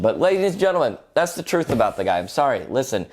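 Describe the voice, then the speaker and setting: A man delivering roast comedy in a dry, mock-complaining voice. He sounds sarcastic and put-upon, with a middle-pitched voice. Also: sing-song, fast talker, a little mellow.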